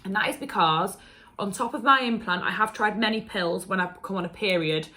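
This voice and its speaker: A woman's voice: medium pitch, a little fast, sharp tone. A young adult woman, telling a candid story-time vlog in a chatty, emotional way. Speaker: beauty vlogger. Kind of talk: casual confessional story time.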